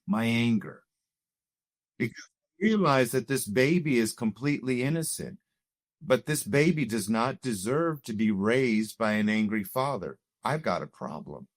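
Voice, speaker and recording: A man's voice: mid-range voice, animated, unhurried, dry recording, clean studio sound. A man sharing a heartfelt personal testimony as a guest in a conversation, telling it earnestly. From Canada. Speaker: guest sharing his story.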